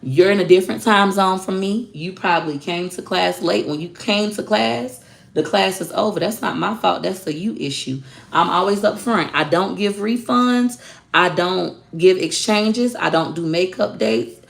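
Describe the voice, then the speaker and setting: Blunt, gravelly-voiced woman talking casually. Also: on the low side, moderate pace. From Florida. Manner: blunt, animated, outspoken. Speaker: online social media course teacher. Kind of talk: casual livestream talk.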